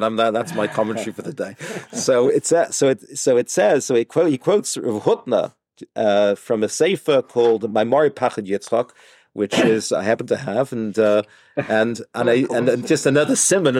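Male teacher, patient and halting, mid-pitched, dry recording. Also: darkish tone, no room sound. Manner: hesitant, many restarts, explanatory. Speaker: Torah class teacher. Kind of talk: informal Torah class.

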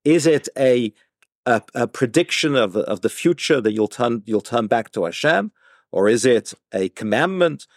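Man teaching a class, halting and explanatory. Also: medium pitch, animated, no echo, studio quality. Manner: hesitant, many restarts, explanatory. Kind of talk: informal Torah class.

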